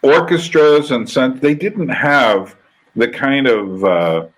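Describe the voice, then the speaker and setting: A man's voice: medium pitch, lively intonation, slow pace, a bit bright, low-quality recording. A man hosting a casual conversation, talking in a rambling, thoughtful way and often restarting his sentences. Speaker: podcast host. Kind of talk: casual conversation reacting to a video.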